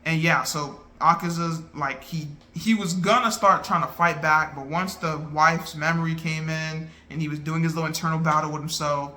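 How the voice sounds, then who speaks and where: A man casually reviewing an anime movie in an animated, slangy, excitable way. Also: on the high side. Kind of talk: casual chat.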